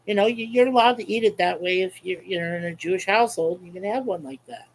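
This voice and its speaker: Fast and high-pitched, this webcam livestreamer reads out chat comments in a rambling, chuckling way, going over the same things repeatedly. The recording quality is low.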